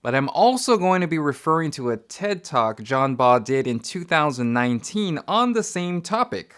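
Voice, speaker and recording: A man hosting an educational video, explaining academic theory in an energetic, conversational way. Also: fairly high pitch, moderate pace, clean tone. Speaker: educator and channel host.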